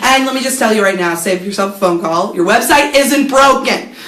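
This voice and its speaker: A woman's voice: mid-range voice, expressive, fairly quick, fairly bright tone, roomy sound. A woman hosting her own show, giving marketing advice in a casual, sardonic talk to camera, acting out quoted voices and swearing offhandedly.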